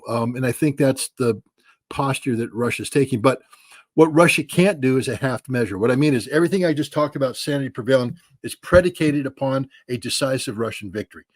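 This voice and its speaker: A man speaking in a husky, slightly rough voice, recorded dry and close. He gives blunt, emphatic commentary as an interview guest. He often restarts phrases and drops casual slang. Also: medium pitch, dry recording. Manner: blunt, emphatic, repeats words, says dude.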